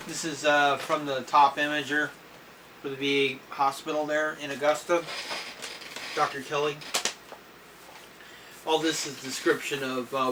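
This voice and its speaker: A man in a personal video diary, talking haltingly with many fillers and clearing his throat and coughing now and then. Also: mid-range voice. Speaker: vlogger. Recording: slightly distant mic with faint noise.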